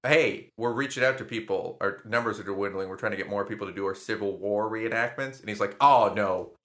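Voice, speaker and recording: A man's voice: on the low side, steady tone, fast, pushed and bright. A young adult man in a casual comedic chat, rambling, swearing and laughing often.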